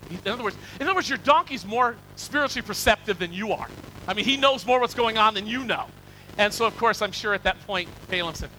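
A male preacher retells a scripture story in a lively, chatty way, doubling words and checking in with the audience. His voice sits high and bright, with a faint hum of noise behind him. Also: quick pace, low-quality recording. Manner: animated, conversational, with repetitions and asides to the audience. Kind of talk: storytelling sermon.

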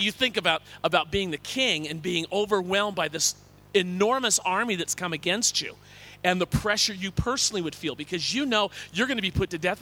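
A man's voice: high-pitched, bright, forceful tone. A man preaching a sermon as a pastor, earnest and conversational, often repeating words and asking "okay?".

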